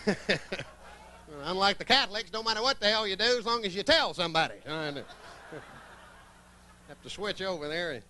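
Southern male stand-up comic, folksy and wisecracking, high bright voice. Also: moderate pace, long pauses, slight background noise. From Columbus, Georgia, US. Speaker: stand-up comedian. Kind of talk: stand-up comedy set. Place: comedy club stage.

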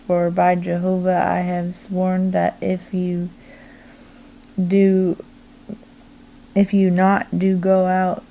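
A woman reading a stern male army commander's rebuke in her own even, slow reading voice. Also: fairly low pitch, gravelly, slight background noise, poor audio. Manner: flat, slow, unhurried reading.

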